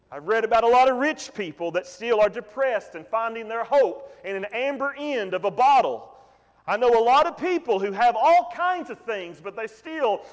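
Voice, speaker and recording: A man preaching a Sunday sermon as pastor, often asking the congregation "Amen?" and repeating key lines slowly for emphasis. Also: high voice. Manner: preaching with call-and-response "Amen?" asides. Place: church sanctuary. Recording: long hall reverb.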